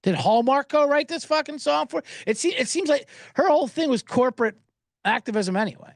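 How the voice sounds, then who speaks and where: A man's voice: extremely high pitch, expressive, a little fast, gravelly, dry recording, clean studio sound. A man hosting a sports betting podcast, riffing sarcastically and profanely while reading viewer comments aloud.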